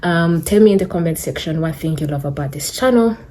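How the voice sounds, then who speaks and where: A woman's voice: on the low side, expressive, a little fast, dark tone, slight background noise. A young woman beauty vlogger chatting casually while doing her makeup, a bit out of breath and rambling with fillers. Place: indoors at home, sit-down filming. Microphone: camera in front of her.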